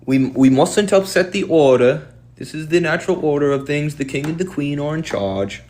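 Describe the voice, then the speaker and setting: A man voicing a humble British peasant farmer, speaking slowly in a raised, deferential voice. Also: a little mellow, close to an everyday voice. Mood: meek. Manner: slow, high, humble.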